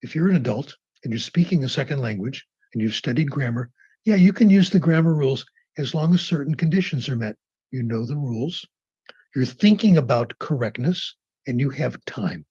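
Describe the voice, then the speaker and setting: A man giving a conversational lecture on language learning, telling anecdotes and slowing down for emphasis. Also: mid-range voice, lively intonation, warm tone, husky. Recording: dull muffled lecture recording.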